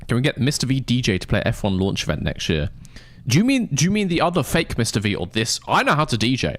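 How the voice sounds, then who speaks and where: A man's voice: mid-range voice, wildly swooping pitch, fast, no echo. A young man chatting casually with his live-stream viewers, rambling and swearing in mock-indignant banter.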